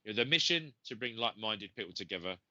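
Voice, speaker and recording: A man's voice: lowish voice, lively intonation, quick pace, pushed and bright, no echo. A man, a psychic medium, hosting a live stream and chatting to viewers with many fillers and name greetings. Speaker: psychic medium and show host. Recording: dull, slightly lo-fi stream audio.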